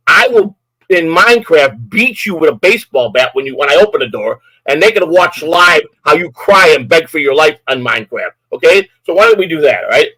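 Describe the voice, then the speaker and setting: Older male streamer, furious profane rant, fairly high voice, dry close mic. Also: lively intonation, brisk, sharp tone, breathy edge, no room sound, poor audio. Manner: profane, threatening, repetitive. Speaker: live-stream host. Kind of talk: angry live-stream rant.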